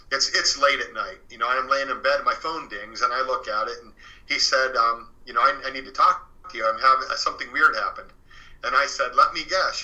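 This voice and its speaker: Earnest bright-voiced man telling a story. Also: medium pitch, muffled recording. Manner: earnest, many fillers and restarts. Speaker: author and interview guest. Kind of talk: storytelling in an interview.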